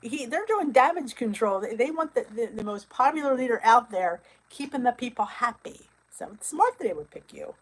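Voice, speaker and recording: A middle-aged woman from New Jersey hosting a casual live-stream chat, chatty and quick to laugh as she answers viewer comments. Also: a little high, lively intonation, low-quality recording. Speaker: weight loss channel host.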